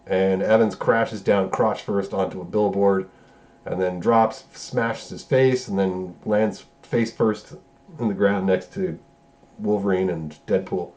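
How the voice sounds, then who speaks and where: A man with a fairly low voice talks through a movie's plot in a casual, profane ramble, stumbling over words and fixing them as he goes. The recording is dull and muffled, with little crispness. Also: a little mellow. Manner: loose, profane, rambling retelling with self-corrections. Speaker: movie reviewer. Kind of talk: casual spoiler review recap.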